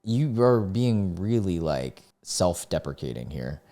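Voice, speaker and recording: A man's voice: low voice, big pitch swings, slow pace, dark tone. A young man hosting a casual commentary, reading online messages aloud and reacting with incredulous, sarcastic remarks and lots of filler words. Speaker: host reading online posts.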